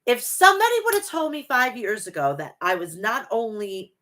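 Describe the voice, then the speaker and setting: Reading comments from her live chat, this wrestling podcast host in her forties speaks at a normal pace with a fairly high, bright, forceful voice whose pitch swings wildly. Her casual talk is profane, effusive and meandering.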